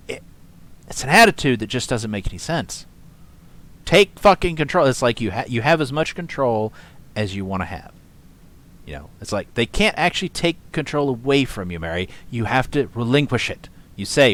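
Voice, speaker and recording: A man's voice: medium pitch, fairly bright tone. Scoffing, rambling male commentary host. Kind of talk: casual reaction commentary.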